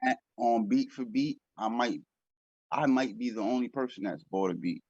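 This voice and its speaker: Low husky guy telling a story on a video call, kinda muffled. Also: moderate pace, darkish tone, dry recording. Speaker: guest. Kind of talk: casual chat on a video call.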